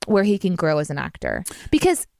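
A woman chatting casually as a co-host about a movie, animated and full of restarts. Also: on the low side, brisk, gravelly, slight background noise. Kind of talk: casual chat.

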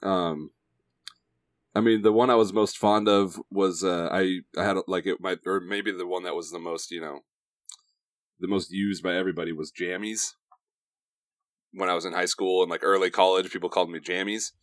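A man's voice: low-pitched, fairly even intonation, normal speed, no room sound. A young adult man appearing as a podcast guest, chatting from a home studio in a rambling way with many fillers and asides. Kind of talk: casual podcast chat.

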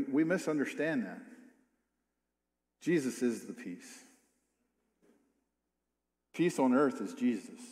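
A man's voice: medium pitch, dark tone. A man preaching a sermon, reading scripture aloud and then commenting on it with rising emphasis and repeated questions. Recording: long hall reverb.

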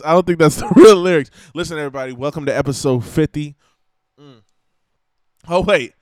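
A man's voice: on the high side, fairly quick, long pauses, no echo, studio quality. A man in his twenties hosting a podcast, chatting casually and playfully, laughing often and breaking into rap lyrics. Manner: playful, laughing, rapping along to songs. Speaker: podcast host. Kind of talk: casual chat.

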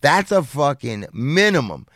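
A middle-aged man telling a profane, animated story in casual podcast chat, acting out what people said. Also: a little high, unhurried, no echo, clean studio sound. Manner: profane, animated anecdote with acted-out quotes. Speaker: podcast co-host.

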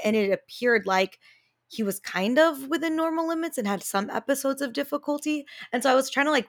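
A woman co-hosting a podcast who tells a story in a quick, animated way, acting out quotes and using plenty of fillers. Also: mid-range voice, no echo, studio quality. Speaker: podcast co-host and speech therapy grad student.

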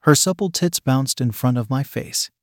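A man giving steady, intimate first-person narration of a romantic story. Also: mid-range voice, moderate pace, no echo, clean studio sound.

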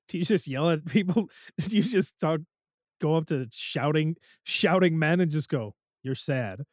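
A man's voice: fairly high pitch, a little slow, dry recording, clean studio sound. A man on a casual podcast, goofy and teasing, swearing freely.

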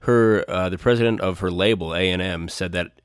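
A man's voice: deep voice, fairly quick, clear, resonant tone, dry recording, clean studio sound. A man hosting a solo music podcast, talking enthusiastically and in superlatives. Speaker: podcast host.

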